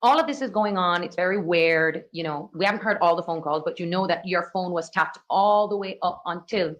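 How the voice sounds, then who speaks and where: A woman attorney questioning a witness in court, asking brisk leading questions peppered with "okay" and "all right". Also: lowish voice. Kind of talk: courtroom direct examination.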